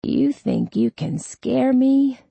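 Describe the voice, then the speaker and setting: Lady doing a raspy desperate ex-con guy, shrill and pleading, high strained yells, dry close sound. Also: big pitch swings, slow pace, no echo, heavily acted. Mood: defiant. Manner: pleading, screaming in panic. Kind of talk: audiobook character voice.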